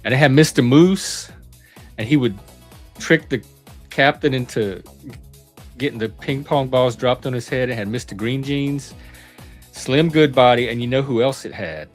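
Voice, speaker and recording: Middle-aged male host, casual rambling talk, mid-pitch, faint music underneath. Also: moderate pace, long pauses. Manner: rambling, self-interrupting, chatty. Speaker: channel host. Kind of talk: casual reminiscing monologue.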